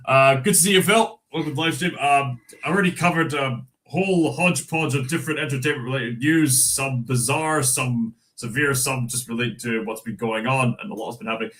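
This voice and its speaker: A man's voice: medium pitch, brisk, few pauses, fairly bright tone, rough recording. A Scottish man hosting a livestream, reading news aloud in casual chat, chuckling often and stumbling over restarts. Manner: chatty, chuckles often, many fillers and restarts. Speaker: livestream host.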